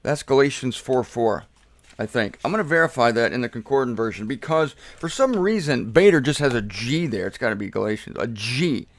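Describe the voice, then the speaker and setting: A man's voice: mid-range voice, expressive, brisk, no room sound. A man teaching scripture in a casual, playful way, stressing and repeating key words. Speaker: Bible teacher. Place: home room.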